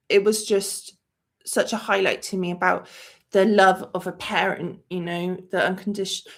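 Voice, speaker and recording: A woman's voice: mid-range voice, gravelly, a bit bright. A woman hosting a movie channel in a live-stream chat, talking emotionally and rambling with many fillers. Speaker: host of a movie review channel.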